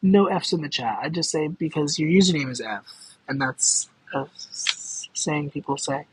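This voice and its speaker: Casually talking with his livestream audience, this tarot reader has a fairly high, slightly rough voice with lively intonation and a moderate pace. The audio quality is poor, and he wanders through his thoughts, restarting sentences amid frequent fillers and giggles.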